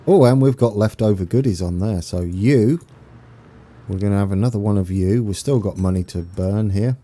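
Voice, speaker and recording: A man's voice: on the low side, moderate pace, mellow. A young English man with an East Anglian accent streaming a game, chatting casually, laughing at himself and greeting viewers by name. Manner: chatty, self-mocking, laughs often, reads out viewer names. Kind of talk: casual live-stream chat while playing.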